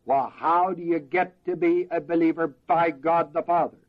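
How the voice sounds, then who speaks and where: A man preaching a slow, deliberate verse-by-verse sermon as pastor, pausing to ask the congregation to fill in words. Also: fairly high pitch, fairly even intonation, narrow, tinny audio.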